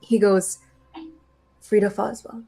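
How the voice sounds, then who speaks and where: A woman's voice: medium pitch, flat delivery, takes it slowly, vocal fry, mellow, breathy edge. Woman game master, chatty and giggly, lots of ums and restarts. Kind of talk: narrating a tabletop game.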